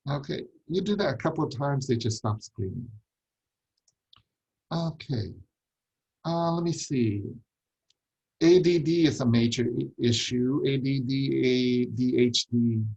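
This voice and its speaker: A man's voice: medium pitch, measured pace, gravelly, darkish tone, slightly rough, poor audio. A man teaching a ministry class on parenting, emphatic, repeating key points and asking rhetorical questions.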